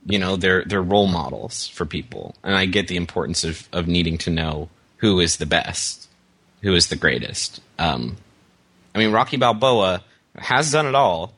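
A man co-hosting a comedic podcast, riffing in a mock-serious, deadpan way. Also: low-pitched, moderate pace, husky. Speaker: podcast co-host. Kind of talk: comedic casual chat.

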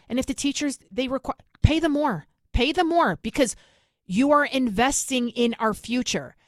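A woman hosting an opinionated commentary show, talking emphatically and repeating her points, her pitch rising when she gets heated. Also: no echo, studio quality. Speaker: talk show host.

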